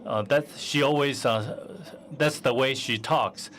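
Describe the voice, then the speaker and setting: Bright-voiced hesitant male conference speaker. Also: medium pitch, takes it slowly, a little hiss or hum. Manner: hesitant, many fillers and restarts. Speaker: forum speaker. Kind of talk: personal anecdote at a conference. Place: conference stage.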